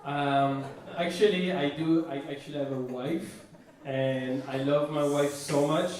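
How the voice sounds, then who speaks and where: A man doing a stand-up comedy set, boasting in a deadpan way and often restarting his sentences. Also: a little high, unhurried. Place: comedy stage before a laughing audience. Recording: echoey, distant live room mic with noise.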